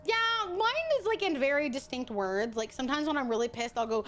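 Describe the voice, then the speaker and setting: High-pitched woman gaming streamer, bouncy voice, swears a lot and cackles. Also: animated, fairly quick, hardly any pauses. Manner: profane, joking, loud laughs. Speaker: VTuber streamer. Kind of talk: casual gaming stream chat.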